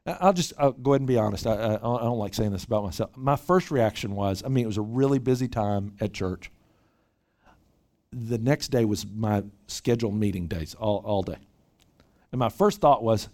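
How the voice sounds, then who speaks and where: A man's voice: lowish voice, a little fast, a little mellow. A middle-aged male pastor giving a sermon, telling a story with lots of repeated word starts as he builds his point. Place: church retreat hall.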